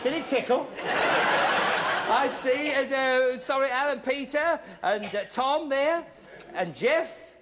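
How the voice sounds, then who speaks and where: A man with an English accent hosting a live TV game show, teasing contestants with quick jokes and asides. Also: very high-pitched, very noisy. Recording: 1970s TV studio with loud audience.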